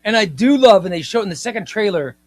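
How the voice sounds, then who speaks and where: A man's voice: high-pitched, lively intonation, quick pace, no echo. A man hosting a casual comics livestream, talking emphatically, repeating his points and reading viewer comments aloud.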